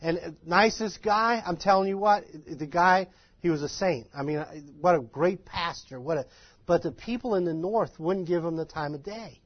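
A man giving an informal, animated and self-deprecating lecture to a live class of ministry students, in a folksy manner. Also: a little high, normal speed, dry recording, muffled recording. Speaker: ministry trainer.

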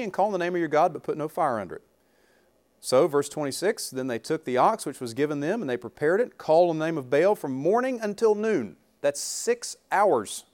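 A man preaching a sermon, reading scripture aloud and breaking off into jokes and questions for the congregation. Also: fairly high pitch. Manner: reads scripture aloud, then riffs with humor and questions to the congregation. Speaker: pastor.

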